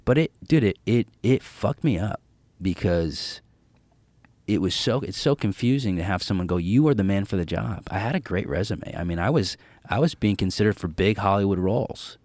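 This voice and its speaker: A man's voice: on the low side, moderate pace, no echo. A man, a comedian guest, telling stories in casual podcast chat, swearing freely and acting out the voices of the people he quotes. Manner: animated, profane, acts out quoted voices.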